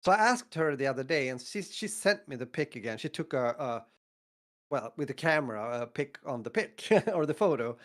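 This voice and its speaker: A man in his fifties from northern Sweden with a Swedish accent, telling stories in a casual podcast chat, acting out quotes and laughing often. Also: normal speed. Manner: animated, acts out quotes with big pitch jumps, laughs often. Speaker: podcast co-host.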